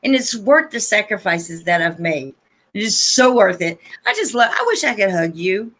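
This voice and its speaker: A woman's voice: medium pitch, big pitch swings, moderate pace, a bit bright. A woman hosting a live panel stream, chatting casually and emotionally about spiritual growth and talking straight to her viewers. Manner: effusive and emotional; addresses viewers as "you guys".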